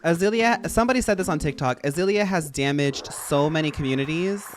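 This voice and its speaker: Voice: mid-range voice, brisk, faint music behind. A streamer chatting casually while playing a game, rambling and full of filler words. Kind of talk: casual gameplay chat.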